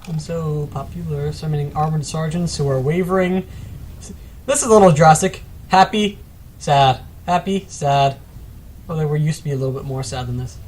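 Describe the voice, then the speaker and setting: A man's voice: a little high, normal speed, darkish tone, slight background noise. A man giving casual commentary on a strategy game replay, rambling and self-mocking with chatty asides, still a bit sick. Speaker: gameplay commentator.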